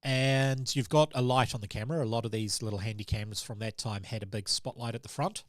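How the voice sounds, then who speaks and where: A man's voice: mid-range voice, steady tone, fast, no echo, studio quality. Man running a tabletop horror game. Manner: loose, rambling narration with many ums and sort-ofs. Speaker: game master.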